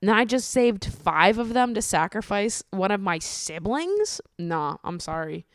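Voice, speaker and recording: A woman hosting a solo podcast, chatting casually with lots of swearing, laughter and animated ranting. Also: mid-range voice, measured pace, no room sound, clean studio sound. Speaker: podcast host.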